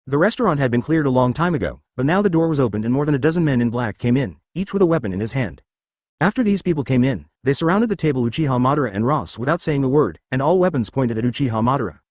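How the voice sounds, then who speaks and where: A fast, synthetic male narrator reads a web novel audiobook, with lively pitch and a dry, close sound. He reads mechanically and voices stray text along with the story. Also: dry recording.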